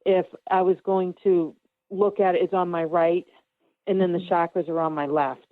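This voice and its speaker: A woman spiritual medium talking calmly on a radio show, explaining her readings with reassuring fillers. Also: lowish voice, moderate pace, no room sound. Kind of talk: casual radio interview. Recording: tinny phone line.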